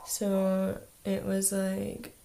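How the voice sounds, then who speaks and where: Teen girl rambling in a vlog diary, lots of "like", gravelly fry. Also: mid-range voice, completely flat delivery, drawn-out words, mellow, slight background noise. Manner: chatty, lots of "like" fillers. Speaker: exchange student vlogger. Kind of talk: casual video diary.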